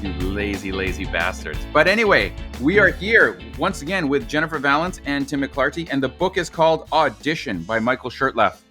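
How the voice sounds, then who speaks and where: A man hosting a podcast in casual chat, joking and sarcastic with an animated delivery. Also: fairly high pitch, fairly quick, few pauses, soft background music. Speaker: podcast host.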